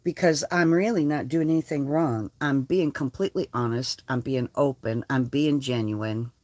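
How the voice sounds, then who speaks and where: A woman's voice: extremely low pitch, moderate pace, no echo. An older woman talking casually on her vlog, blunt and profane, telling stories with lots of energy. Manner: blunt, profane, animated storytelling. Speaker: vlogger. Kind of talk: casual chat. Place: lives in a converted school bus.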